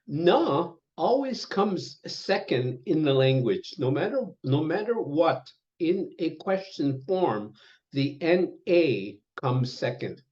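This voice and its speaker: An older man teaching an online language lesson, speaking slowly and patiently and repeating each word several times over a video call. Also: fairly high pitch, sing-song, a little mellow. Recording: dull lo-fi webinar audio.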